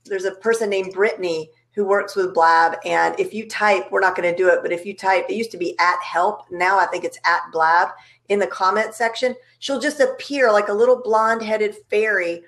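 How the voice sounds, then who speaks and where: A woman's voice: mid-range voice, fairly even intonation, moderate pace, fairly bright tone. A woman hosting a live video chat, talking in an upbeat, chatty way. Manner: upbeat, chatty, uses fillers. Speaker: host. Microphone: video call.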